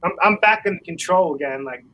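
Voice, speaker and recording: A man's voice: high-pitched, a little fast, bright, forceful tone, rough recording. A man, a musician guest chatting casually on a video call, laughing often and rambling with restarts. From Philadelphia area.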